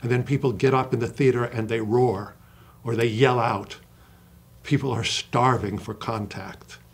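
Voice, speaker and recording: Older guy acting coach, passionate, slows right down on key words, normal pitch. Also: fairly even intonation, breathy edge. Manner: passionate, emphatic storyteller who acts out quoted dialogue; slow, deliberate stresses on single words. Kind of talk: interview conversation.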